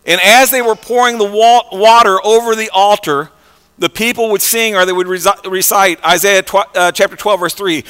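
Bright-voiced male preacher in a reverberant hall. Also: high-pitched, normal speed, smooth. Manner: conversational, animated, with many fillers and restarts. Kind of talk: sermon.

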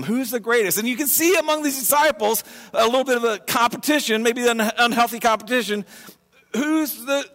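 Conversational preacher with a fairly high voice. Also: male voice, brisk. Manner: conversational and animated, many restarts. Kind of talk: sermon. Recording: long reverb of a large hall.

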